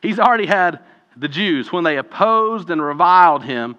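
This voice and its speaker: Bright-voiced man leading Bible study. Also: high voice, expressive, moderate pace, clear, resonant tone. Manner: informal, asks the group questions. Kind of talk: conversational Bible teaching. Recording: dull lo-fi audio with long room reverb.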